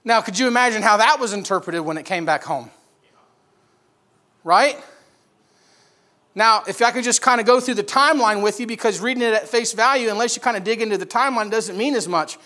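Guy preaching a sermon, high voice, tells it like a story, asks the crowd questions, goes loud then quiet. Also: a little fast, pauses often. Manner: vivid storytelling with rhetorical questions; swings between loud emphasis and hushed lines. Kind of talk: expository sermon.

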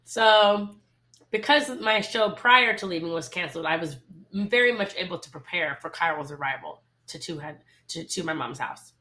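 A young woman co-hosting a podcast, telling a personal story in casual, animated chat. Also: on the low side, moderate pace. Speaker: podcast co-host.

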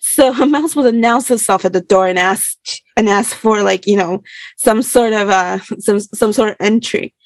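Woman, gravelly fry, dry close sound, animated rambling storyteller, lots of fillers. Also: mid-range voice, normal speed, dry recording. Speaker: guest; burlesque performer. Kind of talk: casual storytelling.

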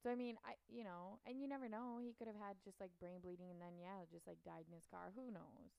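A woman's voice: mid-range voice, steady tone, a little fast, creaky, dark tone, no echo. A young woman co-hosting a casual movie recap, blunt and sarcastic, swearing as she comments. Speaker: podcast co-host.

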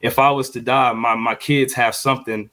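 A young man co-hosting a podcast as a father, talking in a heartfelt, halting way with many fillers and repeated words. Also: medium pitch, fairly even intonation, pushed and bright. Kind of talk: heartfelt casual podcast talk.

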